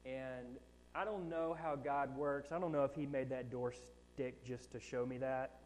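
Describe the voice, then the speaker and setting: A man preaching a sermon, telling a self-mocking story from his own life, with animated, shifting emphasis. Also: mid-range voice, measured pace, in a large hall, slight background noise. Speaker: pastor.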